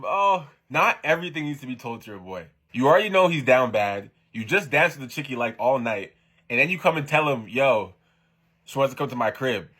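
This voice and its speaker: A man's voice: medium pitch, animated, moderate pace, fairly bright tone, breathy edge. A man casually reading and reacting to a dating story, with slang and laughter. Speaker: podcast host reading a story aloud.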